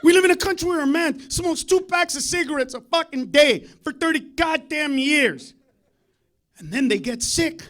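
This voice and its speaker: A man doing a live stand-up routine on a comedy club stage, ranting loudly and swearing constantly into a handheld mic. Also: very high voice, lively intonation, moderate pace. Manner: loud, profane, ranting delivery.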